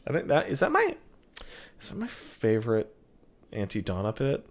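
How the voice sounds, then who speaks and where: Lively streamer man reading donations. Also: medium pitch, gravelly. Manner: animated, jokey, quick asides. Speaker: game streamer. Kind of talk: casual livestream chat reading donations.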